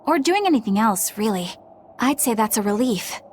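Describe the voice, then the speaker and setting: An earnest, proper young woman, voiced by an actress, speaks politely and a bit primly in a high voice. A faint ambient hum sits under the game dialogue. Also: expressive, moderate pace, darkish tone, lightly acted. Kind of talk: game voice acting.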